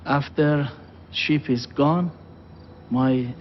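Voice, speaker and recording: A middle-aged man speaking in a documentary interview, halting and hesitant, with broken non-native grammar. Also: on the high side, a little hiss or hum. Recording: dull lo-fi documentary audio.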